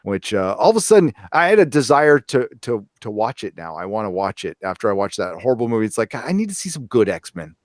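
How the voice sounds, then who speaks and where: A man's voice: on the low side, very animated, fast talker, few pauses, no echo. A middle-aged man co-hosting a casual live stream, rambling and repeating his key words for emphasis. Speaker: co-host reading viewer super chats.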